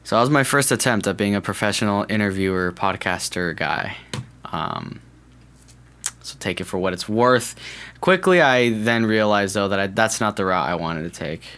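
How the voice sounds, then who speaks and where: A man's voice: on the low side, expressive, moderate pace, a bit bright. A young man hosting a podcast, chatting casually in a rambling, jokey way, restarting and correcting himself. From California. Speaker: podcast host. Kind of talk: casual solo podcast chat.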